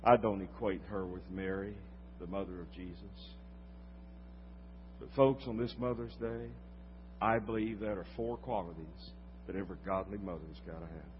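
Older male preacher, rises loud then drops to a hush, recorded in a big reverberant church with faint hum. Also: low voice, fairly even intonation, moderate pace. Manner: dramatic storytelling, swinging from loud to hushed. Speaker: pastor. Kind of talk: sermon. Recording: reverberant hall, slightly dull sound.

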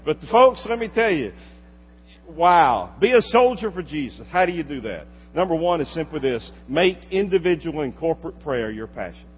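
A pastor delivering a sermon, swinging from loud exhortation to quiet asides. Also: male voice, on the high side, breathy edge. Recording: dull lo-fi recording with long hall reverb and faint hum.

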